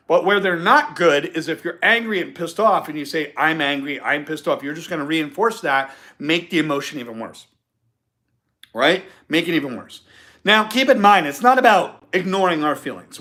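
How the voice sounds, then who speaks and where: A man's voice: on the high side, expressive, normal speed, fairly bright tone. A man hosting a live-stream podcast, giving an emphatic motivational talk and repeating his key points. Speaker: podcast host.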